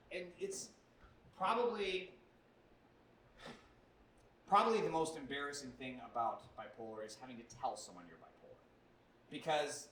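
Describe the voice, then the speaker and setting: This young man's high-pitched, fairly bright voice carries through an echoey club, recorded from afar with a little hiss or hum. Holding a handheld mic, he delivers a punchy, self-deprecating stand-up set packed with put-on voices.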